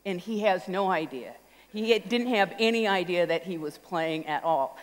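A woman giving an animated storytelling talk on stage, acting out little voices and sounds as she goes. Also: fairly low pitch, moderate pace. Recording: long hall reverb.

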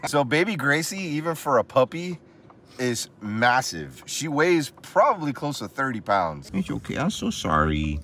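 A man's voice: medium pitch, sing-song, normal speed, sharp tone, a little hiss or hum. A man hosting a casual farm vlog, chatty and laughing often, cooing at his animals. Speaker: vlog host. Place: outdoors on a farm.

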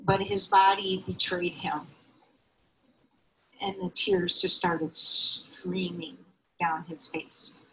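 A woman in her fifties telling a personal story on stage, emotional and heartfelt, her voice often jumping high. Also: fairly even intonation, takes it slowly, long pauses, fairly bright tone, a little hiss or hum, rough recording. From United States. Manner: emotional, heartfelt, with sudden high pitch lifts.

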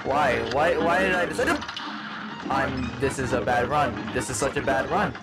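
A man playing a demon hedgehog doing let's-play commentary, panicky and yelping, over loud game music. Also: medium pitch, normal speed, close to an everyday voice, rough recording. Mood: frantic. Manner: panicky, yelps and repeats himself. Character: psychotic demon hedgehog, male, gaming. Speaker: gamer.

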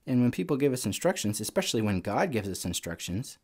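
A young man with a mid-pitched voice talks to children at Sunday school. He tells his story casually, with plenty of fillers, and gets animated at the exciting parts. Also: quick pace.

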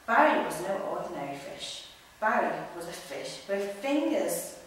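A woman reading a children's picture book aloud with animated, expressive storytelling. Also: fairly low pitch, unhurried, slight background noise. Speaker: storybook reader. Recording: echoey room, distant mic.

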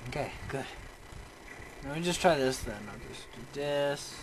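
A young gamer with a medium-pitched voice comments at a measured pace on the shooter he's playing, with a noisy background behind him. His let's play talk is excitable, with frustrated muttering punctuated by outbursts.

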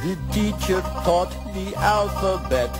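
A man's voice: high-pitched, expressive, slow, heavily acted. A man voicing the Count, a theatrical vampire who loves counting, singing and storytelling for children's TV. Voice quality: grand, dramatic, rolling delivery. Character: theatrical old male vampire counting-lover. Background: loud backing music.

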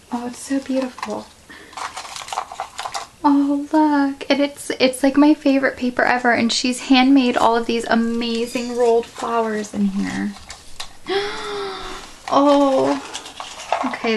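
Excited woman opening a craft swap box at home, all oh my goshes and gasps, noisy home video. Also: on the high side, vocal fry. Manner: gushing, gasping, breathless exclamations. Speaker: vlogger unboxing a craft swap package. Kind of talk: excited unboxing chat. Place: home room.

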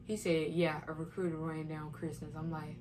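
A woman's voice: low voice, flat delivery, moderate pace, a little mellow, a little hiss or hum. A young woman vlogging in a chatty, casual way, retelling what happened and quoting herself as she goes. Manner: chatty, retells moments with "I'm like" quotes. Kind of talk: casual storytelling vlog.

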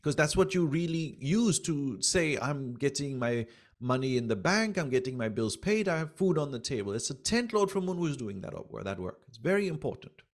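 A man teaching astrology in a lively lecture, acting out quoted voices and repeating his points. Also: medium pitch, normal speed.

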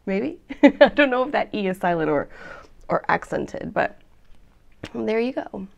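A woman's voice: on the high side, lively intonation, moderate pace, vocal fry, a little mellow. A woman, hosting a vlog and chatting to viewers between giggles. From United States. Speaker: vlog host. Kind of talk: casual chat to camera.

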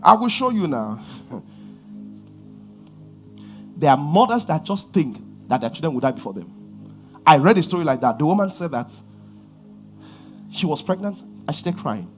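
A Nigerian man preaching a sermon as pastor, swinging from quiet asides to loud outbursts. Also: on the high side, very animated, normal speed, pauses often, faint music behind.

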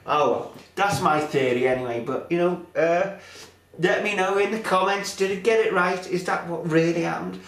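A man's voice: high-pitched, moderate pace, creaky, a bit bright, echoey room. A man telling a rambling comic story to camera as a vlogger, full of fillers. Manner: rambling, chatty, full of "you know".

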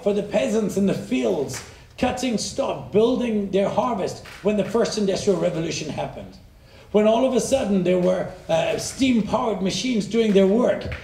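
A man giving an energetic, irreverent conference keynote, swearing casually and checking in with "right?" as he goes. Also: high-pitched, vocal fry, slight background noise. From South Africa. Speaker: keynote speaker. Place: large hall with live audience. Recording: roomy hall reverb.

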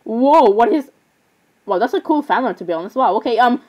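A woman's voice: a little high, animated, brisk, mellow. A young woman giving rambling, giggly commentary while playing a game, with frequent fillers and asides. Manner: rambling, giggly, says "literally" constantly. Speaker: gamer. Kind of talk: casual gameplay commentary.

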